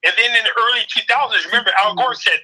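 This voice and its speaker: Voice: mid-range voice, fast talker, sharp tone, slightly rough, poor audio. An older co-host in casual political chat, opinionated and mocking the people being quoted.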